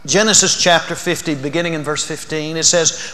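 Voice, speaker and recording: An older man preaching a sermon in a church, earnest, moving from soft and slow passages to loud, fervent ones. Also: on the high side, fairly even intonation. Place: church sanctuary. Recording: long reverb of a large hall.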